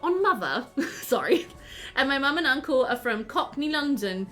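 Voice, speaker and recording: Australian woman, game streamer, rambling casual chat, lots of fillers, bright tone, raised pitch, faint music behind. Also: lively intonation, normal speed. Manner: rambling, chatty, many fillers like "like" and "um".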